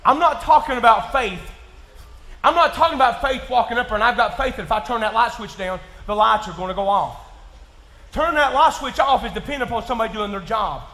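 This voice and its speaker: A man with a Kentucky accent preaching in church, folksy and plain-spoken, dropping to quiet asides and rising to shouts. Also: extremely high pitch, a little fast. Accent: Southern US, Kentucky. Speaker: pastor. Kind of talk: sermon. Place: church sanctuary. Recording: echoey church room.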